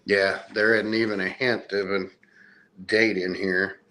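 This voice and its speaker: A man's voice: fairly low pitch, level tone, measured pace, pushed and bright. A middle-aged man hosting a casual podcast chat, rambling with enthusiasm as he shows things off. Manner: rambling, enthusiastic show-and-tell. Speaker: podcast host. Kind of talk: casual chat showing comics.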